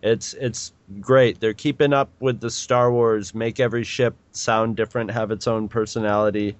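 A podcast co-host in his forties speaks at normal speed in a fairly low, steady voice, with no echo. He chats casually and rambles, with many restarts and laughs.

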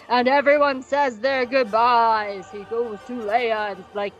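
A woman co-hosting a podcast, recapping in casual chat that is rambling and jokey, with quick asides. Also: on the high side, fairly even intonation, rough recording. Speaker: podcast co-host.

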